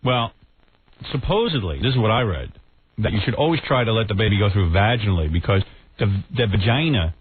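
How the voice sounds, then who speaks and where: A man's voice: on the low side, animated, a little fast, a little hiss or hum. A man hosting a radio show, riffing crudely with mock outrage in comic banter. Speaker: radio host. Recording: tinny phone-like band with music behind.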